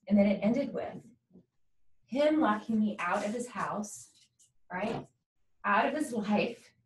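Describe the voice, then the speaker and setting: A woman's voice: medium pitch, lively intonation, a little slow. A woman hosting a talk show, telling a candid and emotional personal story and often checking in with "right?". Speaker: podcast host. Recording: echoey room, mic at a distance, faint noise.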